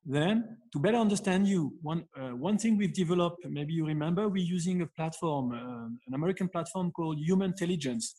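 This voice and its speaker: A man with a manner giving advice in an interview, speaking haltingly with many fillers and restarts. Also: fairly high pitch, mellow, slightly rough. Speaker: guest expert. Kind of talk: interview answer.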